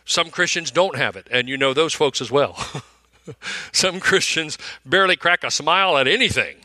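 A male pastor delivers a sermon in a fairly high voice, repeating phrases for emphasis. He moves between loud, forceful lines and hushed ones, and the recording has no echo.

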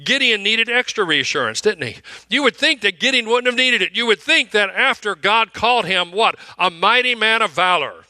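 A man preaching a sermon in a very bright, ringing voice pitched a little high. He repeats his phrases for emphasis and drops from loud declarations to hushed, close asides. The sound is dry, with no room echo. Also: lively intonation, normal speed, hardly any pauses. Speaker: pastor.

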